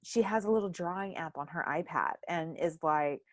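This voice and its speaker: A woman's voice: low-pitched, normal speed, dry recording. A young adult woman hosting a podcast, chatting casually and telling candid stories with frequent swearing. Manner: candid, profane, animated storytelling. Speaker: podcast host. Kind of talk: casual chat.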